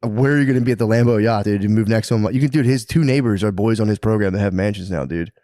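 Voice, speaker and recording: A man's voice: fairly low pitch, fast, mellow, no echo, clean studio sound. A man co-hosting a podcast in casual chat, rambling and profane, laughing often as he talks. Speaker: podcast co-host.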